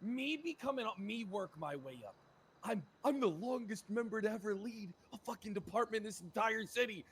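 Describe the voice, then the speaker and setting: A man's voice: high-pitched, expressive, a little fast, a bit bright, breathy edge. A man roleplaying a cop in a heated, swearing rant, with his voice cracking with indignation. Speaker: roleplayer playing a police character. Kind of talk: heated GTA roleplay argument.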